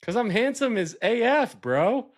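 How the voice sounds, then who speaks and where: A man's voice: very high voice, animated, measured pace. A young man hosting a casual podcast, teasing his guest with crude jokes and frequent laughter. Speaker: podcast host. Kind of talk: casual chat.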